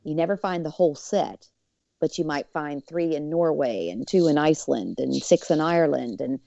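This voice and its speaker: Female guest, dark and dry, chatty storyteller who acts out the voices of others. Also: deep voice, moderate pace, creaky, no echo, highs cut off. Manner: lively, acts out quoted voices; many fillers. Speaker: podcast guest. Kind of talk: personal storytelling.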